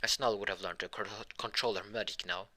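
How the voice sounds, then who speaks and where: A man's voice: fairly low pitch, steady tone, fast, bright, forceful tone. A tired young man improvising a fan story, rambling and hesitant with many restarts.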